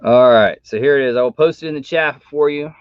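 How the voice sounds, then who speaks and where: A man hosting a casual live stream, chatting in a relaxed, rambling way. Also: mid-range voice, fairly quick, smooth, dry recording. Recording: dull dry home mic sound.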